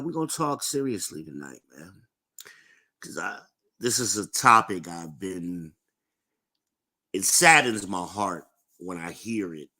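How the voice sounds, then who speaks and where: Slow, lecturing podcast host man. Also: fairly low pitch, pushed and bright. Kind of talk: live-streamed podcast monologue.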